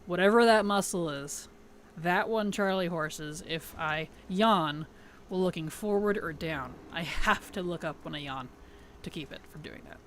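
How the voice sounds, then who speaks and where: A woman's voice: lowish voice, unhurried, slight background noise. A woman streamer in casual livestream chat, thanking subscribers, answering chat and giggling often.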